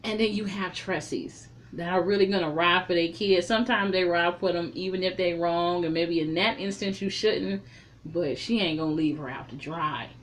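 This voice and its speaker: A woman's voice: lowish voice, moderate pace, slight background noise. Blunt, profane woman recapping a film. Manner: profane, blunt, animated storytelling. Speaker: reviewer. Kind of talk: casual recap and commentary.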